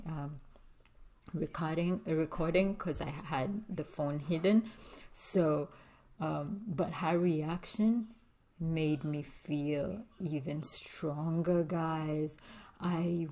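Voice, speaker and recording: A woman's voice: sits low, mellow. A woman vlogger telling a personal story in a confiding way, with many fillers and frequent drops into a whisper. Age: adult with a young daughter.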